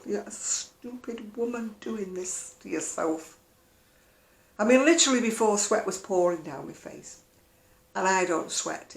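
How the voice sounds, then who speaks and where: A woman's voice: lowish voice, vocal fry, reverberant. A woman chatting casually in a home vlog, wry and talkative. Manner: chatty, wry, mimics other people's voices. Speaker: vlogger. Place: at home, indoors.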